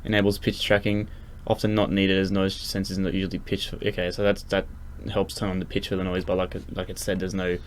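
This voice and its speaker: A young man talks loosely through a screen-recorded music production tutorial, rambling with lots of fillers and restarts. His low, monotone voice runs a little fast over a little hiss or hum, with loud synth music and keyboard typing in the background.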